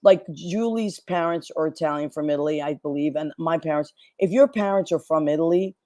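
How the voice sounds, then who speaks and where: A woman's voice: low-pitched, mellow, dry recording. Chatty effusive woman host, dry sound. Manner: chatty, effusive, fast and rambling. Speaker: show host. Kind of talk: casual chat.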